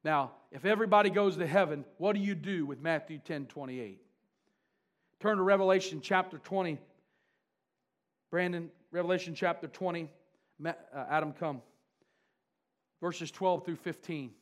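A man's voice: a little high, normal speed, long pauses. A man preaching a sermon, driving points home by repeating key words. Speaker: pastor.

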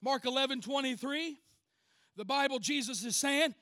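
A man preaching a sermon in church, calling out to the congregation and rising to shouts. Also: very high-pitched, moderate pace. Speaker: pastor.

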